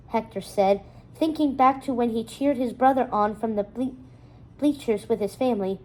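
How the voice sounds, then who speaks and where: Mellow, fairly high woman for an expressive storybook read-aloud. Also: moderate pace. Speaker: storybook reader. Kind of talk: children's novel read-aloud.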